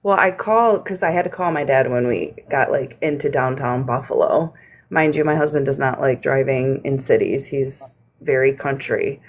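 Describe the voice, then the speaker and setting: A woman telling a story in casual chat, animated, swearing freely and acting out what people said. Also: very deep voice, normal speed.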